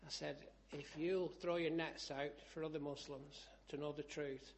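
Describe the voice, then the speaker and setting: A man preaching a sermon, telling stories and rising to loud, emphatic scripture reading. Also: fairly high pitch, fairly even intonation, a little slow, slight background noise.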